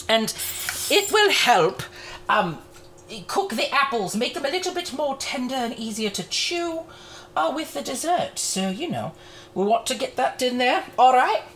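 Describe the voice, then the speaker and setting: A woman's voice: high-pitched, a bit bright, a little hiss or hum. A woman playing a cheerful, motherly Mrs. Claus who hosts a cooking segment, chatty and rambling with cheeky asides. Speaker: show host in character.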